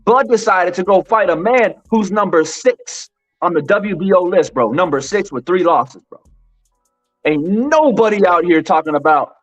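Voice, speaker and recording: On a boxing commentary channel, the male host talks to his live-stream chat with emphasis, circling back to the same points and dropping "bro" constantly. His voice is high, with lively intonation, at a normal speed. Faint music sits under a dull, lo-fi recording.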